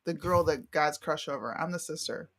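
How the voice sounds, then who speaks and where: A woman co-hosting a live talk show in casual banter, loud and blunt. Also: sits low, moderate pace. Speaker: co-host.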